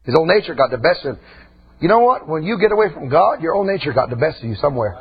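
A raspy-voiced preacher man delivers his sermon in a high, very animated voice that leaps into shouts and sinks into low asides. The recording sounds dull and lo-fi, with the top end muffled. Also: quick pace. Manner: impassioned, swings between shouting and low asides.

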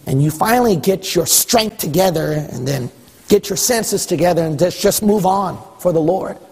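A man delivers a sermon in a high, husky voice, pressing each point and climbing to shouts. His voice carries a long reverberation, as in a church hall. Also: moderate pace. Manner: emphatic, rising to shouts, acts out voices of God and listeners. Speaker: pastor.

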